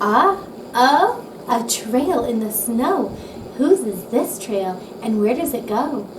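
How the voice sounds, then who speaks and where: A woman voicing a small, brave young girl monster with a bright, curious voice. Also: on the high side, big pitch swings, a little slow. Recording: roomy, distant mic with background noise.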